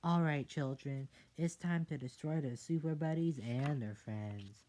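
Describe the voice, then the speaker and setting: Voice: medium pitch, unhurried, warm tone, slight background noise, natural voice. A reader voicing a bossy, villainous fairy mother in a storybook reading, with a scolding, commanding manner. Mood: stern, bossy.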